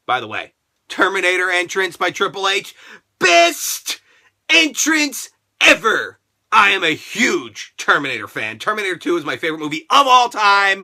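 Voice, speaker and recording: High, bright, excitable male ranter. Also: gravelly. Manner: excitable, crude, shouting rants. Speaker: host. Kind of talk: casual profane wrestling review.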